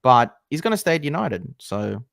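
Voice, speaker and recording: A man's voice: mid-range voice, sing-song, normal speed, vocal fry, fairly bright tone, no echo, studio quality. A man co-hosting a casual football chat, blunt and opinionated. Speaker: co-host.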